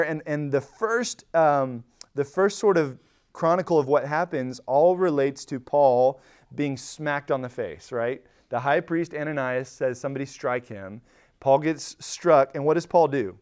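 A man teaching a church Bible study in a conversational way, animated, often restarting phrases and acting out quoted lines with rising emphasis. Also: medium pitch, clean tone.

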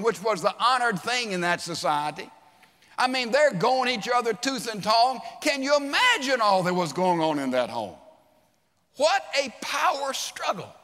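A middle-aged man preaches in a big church sanctuary, his voice high and bright with a sharp edge. He swings from animated emphasis down to hushed asides. A long reverb trails his words through the hall. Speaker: pastor. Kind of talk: sermon.

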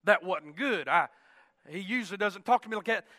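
A man preaching a sermon in a folksy, animated storytelling manner. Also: sits high, fairly quick, dry recording, clean studio sound.

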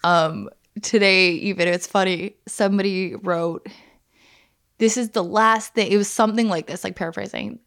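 A woman co-hosting a podcast in casual, animated chat, laughing often. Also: medium pitch, moderate pace. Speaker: podcast co-host.

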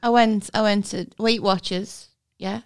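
Smooth-voiced Scouse woman telling stories. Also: medium pitch, fairly even intonation, unhurried. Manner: storytelling, mimics people, swears. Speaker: podcast co-host. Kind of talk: casual comedic chat.

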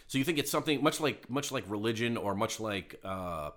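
A man's voice: on the low side, animated, fairly quick, fairly bright tone. A man co-hosting a podcast in casual chat, matter-of-fact, steering the talk with questions. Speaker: podcast co-host.

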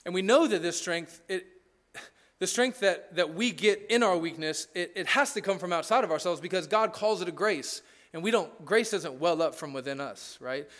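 High-voiced man preaching emphatically. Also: moderate pace, fairly bright tone. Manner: conversational preaching, often checks in with the congregation; emphatic, piles up parallel phrases. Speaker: pastor. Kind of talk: sermon.

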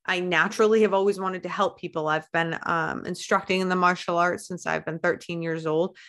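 A woman's voice: on the low side, steady tone, a little fast, a bit bright. A woman, a life coach, talking candidly as a podcast guest, blunt and swearing, with bursts of feeling. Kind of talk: candid interview talk.

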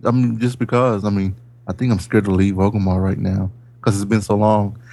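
A man's voice: lowish voice, level tone, fairly quick, mellow. A man co-hosting a gaming podcast, rambling and hesitant with many ums. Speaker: podcast co-host. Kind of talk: casual gaming podcast chat.

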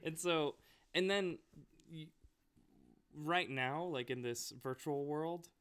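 A man's voice: a little high, takes it slowly, a bit bright, clear, resonant tone. A man chatting casually on a podcast, telling stories animatedly and laughing often. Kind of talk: casual chat.

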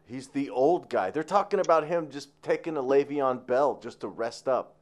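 A man's voice: mid-range voice, animated, moderate pace, darkish tone. A man co-hosting a sports chat show, talking in a rambling, profane way with lots of fillers and restarts.

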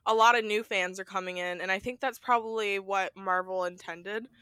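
A woman's voice: medium pitch, fairly even intonation, moderate pace, bright, forceful tone, clean tone, no room sound. A woman co-hosting a casual film podcast, chatty and laughing between her points. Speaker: podcast co-host. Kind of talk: casual chat.

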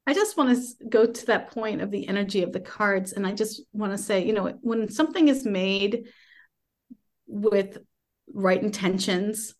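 A woman's voice: mid-range voice, normal speed, a little mellow. A woman guest who creates decks, speaking firmly and earnestly in casual chat over a remote call. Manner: emphatic, firm and earnest.

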